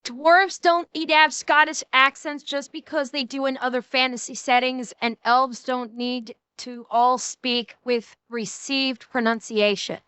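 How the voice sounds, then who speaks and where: A young woman reacts on a live stream, ranting and cursing in exasperation. Her voice is high and bright and she talks at an unhurried pace. The sound is dry and close. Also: fairly even intonation, clear, resonant tone, dry recording.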